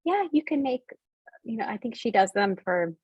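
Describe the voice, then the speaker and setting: A woman author chatting over a video call, bubbly and rambling, breaking into laughs often. Her voice is husky and airy, and the sound is close and dry. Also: a little high, lively intonation, normal speed, a little mellow, dry recording, dull audio. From United States. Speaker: author guest. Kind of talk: casual interview chat.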